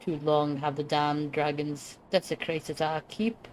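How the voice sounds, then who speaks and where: A woman's voice: low-pitched, flat delivery, a little slow, darkish tone, a little hiss or hum, low-quality recording. A woman voicing an eager male knight rallying the troops in a put-on British accent, with a theatrical, rousing delivery. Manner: theatrical, rousing reading of game dialogue.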